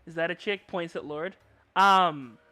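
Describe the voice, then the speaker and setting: A man streaming a game live as a VTuber, excitable, yelling and bantering with his chat. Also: on the high side, a little slow, smooth, faint music behind.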